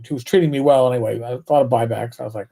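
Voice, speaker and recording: Rapid-fire and steady in tone, an older man with a gravelly, mellow, mid-range voice hosts a casual live stream. He trades joking, profane stories in easy conversation, restarting frequently.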